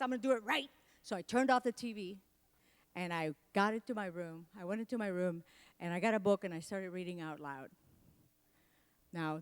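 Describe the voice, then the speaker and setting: A woman's voice: medium pitch, clear, resonant tone, no echo. A middle-aged woman from Puerto Rico, a native Spanish speaker with a Puerto Rican accent, giving a comedic motivational keynote with playful, self-mocking storytelling. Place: event hall.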